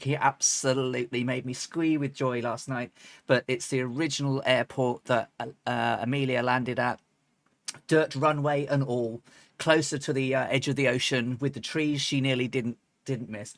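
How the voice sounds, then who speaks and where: A woman's voice: deep voice, no echo. Rambling flight-sim streamer woman. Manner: rambling, many ums and restarts; bursts into laughs and chants. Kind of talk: casual live-stream chat.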